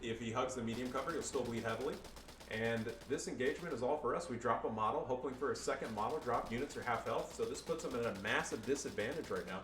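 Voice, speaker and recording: A man's voice: medium pitch, fast, a bit bright, distant mic. Crude joking male game commentator, echoey room. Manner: crude joking, frequent swearing, loose and rambling. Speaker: player commentating his own match replays. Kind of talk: casual gameplay commentary. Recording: echoey room, voice off-mic, faint background noise.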